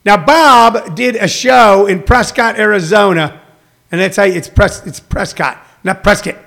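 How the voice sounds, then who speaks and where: A man's voice: high-pitched, a little slow, vocal fry, fairly bright tone. A man in his sixties, a comedian hosting a rambling casual livestream, reading viewer comments and plugging shows. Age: 60s. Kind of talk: casual chat. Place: home.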